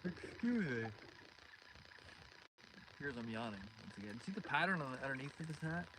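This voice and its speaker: A man's voice: medium pitch, expressive, rapid-fire. A man hosting a live fishing stream from a boat outdoors, chatting casually and greeting viewers by name. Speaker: fishing livestream host. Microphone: phone streaming live. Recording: wind and outdoor noise.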